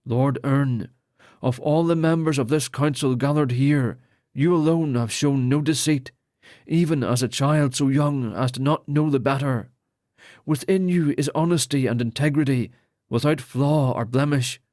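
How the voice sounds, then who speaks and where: A man's voice: mid-range voice, measured pace, a little mellow, no room sound, clean studio sound, natural voice. A man voicing a solemn male lord who ordains priests, speaking in grave, formal pronouncements.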